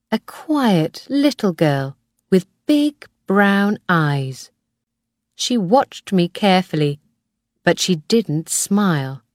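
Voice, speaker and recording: A woman narrating a graded-reader story in a clear, careful, measured way. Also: on the low side, a little mellow, no room sound, studio quality. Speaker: audiobook narrator.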